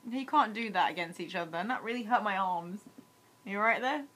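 A woman's voice: mid-range voice, a little fast, fairly bright tone, a little hiss or hum. A young woman chatting casually on her daily challenge vlog, teasing her husband and giggling a lot. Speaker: vlogger.

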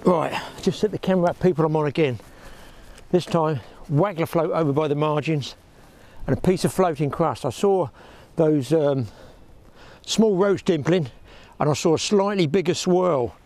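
Standing on a windy lake bank, a middle-aged fishing vlogger chats to viewers through a clip-on mic with a lead. His voice is fairly high and a little mellow, at a normal speed, and he casually calls his audience "people" and "boys."

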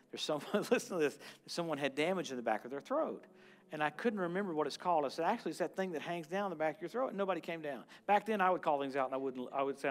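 A man preaching as guest minister at a church service, in an animated charismatic sermon that moves from loud exclamations to quiet prayer. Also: fairly high pitch.

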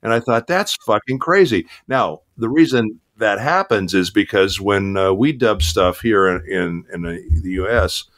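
Low-voiced older man telling stories. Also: moderate pace, hardly any pauses. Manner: relaxed storytelling with many fillers. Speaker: voice actor guest. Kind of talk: casual interview chat.

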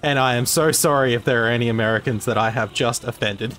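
A man's voice: medium pitch, quick pace, hardly any pauses, a bit bright. An Australian man giving casual, self-mocking commentary as he plays a survival video game for his channel. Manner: chatty and self-mocking, with frequent ums and laughs. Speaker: gaming YouTuber. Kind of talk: casual let's-play commentary.

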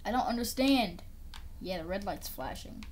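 A woman's voice: mid-range voice, animated, normal speed, darkish tone, slight background noise. A woman casually talking her way through a video game, chatty and repeating herself as things happen. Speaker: gameplay video creator. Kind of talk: casual gameplay commentary.

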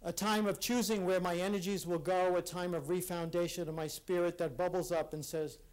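A man with a fairly high voice giving a personal, reflective talk before a conference audience. He speaks earnestly and haltingly, often restarting his sentences. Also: little pitch movement. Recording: live talk in a hall.

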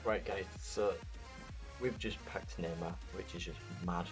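Understated male gamer, lowish calm voice. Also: unhurried, over music. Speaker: gamer reacting to pack opening.

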